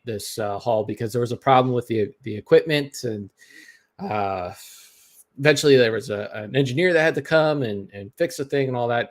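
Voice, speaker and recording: Canadian guy rambling thru a road trip story, lots of uhs and ums. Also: mid-range voice. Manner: rambling, many fillers and restarts. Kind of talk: casual storytelling chat.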